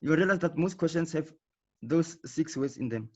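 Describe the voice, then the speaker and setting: A man's voice: on the high side, expressive, moderate pace. A man teaching a live online lesson, explaining patiently and repeating himself, often checking in with "okay". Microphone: video call. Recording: dull lo-fi online audio.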